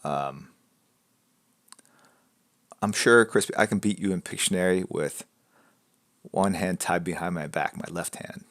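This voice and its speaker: A man hosting a live drawing stream, chatting in a relaxed, rambling way and answering viewer questions, often dropping to a soft mutter. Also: deep voice, unhurried, long pauses. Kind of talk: casual chat with viewers while drawing.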